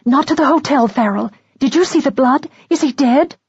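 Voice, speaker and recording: A woman narrator voicing an older grandmother spy who speaks in quick, anxious exclamations. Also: medium pitch, expressive, breathy edge, dry recording, highs cut off. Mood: alarmed.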